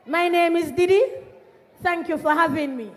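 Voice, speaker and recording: Very high-voiced young woman rallying a crowd. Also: in a large hall. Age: young adult. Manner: rousing call-and-response that turns to a deliberate formal address. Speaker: rally speaker. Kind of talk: political rally speech.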